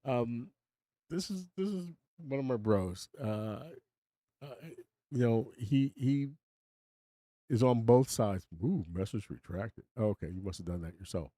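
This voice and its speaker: Older man, live stream host, rambling opinionated chat, mellow dark voice, dry close sound. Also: mid-range voice, lively intonation, a little slow, no room sound. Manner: rambling, opinionated, chuckles often, talks to chat. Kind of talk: casual live-stream monologue.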